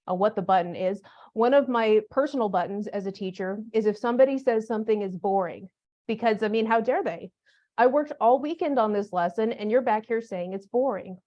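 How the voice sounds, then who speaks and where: In a conference workshop talk for teachers, a woman speaks in a mid-range, somewhat mellow voice, with the high frequencies cut off in the audio. Her presentation is conversational and funny, grounded in practical classroom examples.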